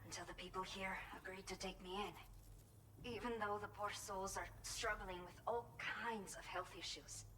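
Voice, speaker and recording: Game cutscene: actress as a sincere, grateful ex-bandit woman, mid-pitched, plain delivery. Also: steady tone, moderate pace, pushed and bright, a little hiss or hum, close to an everyday voice, low-quality recording. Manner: earnest and grateful. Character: warm reformed ex-bandit woman, pregnant, caring for elders. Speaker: video game character.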